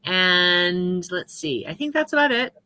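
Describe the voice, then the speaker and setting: A woman's voice: fairly low pitch, lively intonation, measured pace. A woman, the senior minister of a spiritual center, welcoming people and introducing her team in a chatty way with frequent laughs. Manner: chatty, laughs often, warm introductions with small asides. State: hiccups. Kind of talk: welcoming church announcements.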